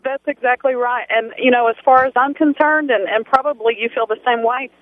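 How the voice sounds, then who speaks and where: A man's voice: very high voice, fairly even intonation, a little fast. A man with a Texan accent calling in to a radio show, speaking politely and hesitantly with many fillers. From Texas. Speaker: radio caller. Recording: tinny phone line.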